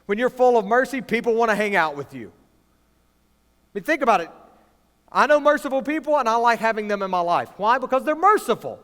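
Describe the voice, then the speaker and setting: A man preaching to students as youth pastor, swinging from hushed lines to loud, emphatic ones. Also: very high voice, sing-song, a little fast. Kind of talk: sermon to students. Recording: long reverb of a large hall.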